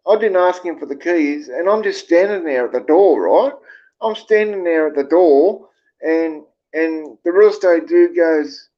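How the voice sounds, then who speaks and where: A man's voice: on the high side, measured pace, warm tone, dull audio. A man with an Australian accent hosting a casual livestream, rambling with lots of fillers and swearing freely as he reads viewer comments. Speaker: livestream host.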